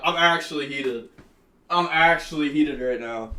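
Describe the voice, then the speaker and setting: A young man with a bright, forward voice narrates a card game match at speed. He grows exasperated and bursts out loudly at his opponent's misplays, then settles back into quick analysis. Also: a little high, fairly even intonation. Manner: fast, exasperated, bursts into loud outbursts. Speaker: host commentating a card game replay. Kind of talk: gameplay commentary.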